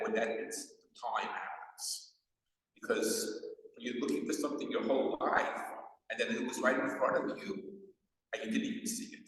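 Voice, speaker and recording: A man in a class discussion, speaking softly and thoughtfully. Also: mid-range voice. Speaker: student in a class. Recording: distant, very echoey room.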